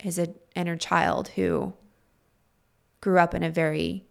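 Earnest woman with vocal fry. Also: fairly low pitch, level tone, measured pace. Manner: earnest and confiding, asks listeners direct questions. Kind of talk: reflective spoken monologue.

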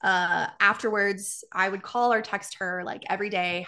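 Woman, 30s, clear bright tone, frank lively storyteller who voices past conversations. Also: mid-range voice, measured pace. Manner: candid, animated retelling with quoted dialogue. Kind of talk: personal storytelling monologue.

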